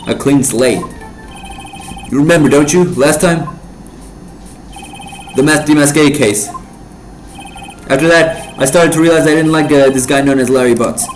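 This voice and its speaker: A man reading the lines of an excitable, lovesick young man in a video game, eager and stammering as he rushes through them. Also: a little high, slight background noise, lightly acted, poor audio. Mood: dreamy.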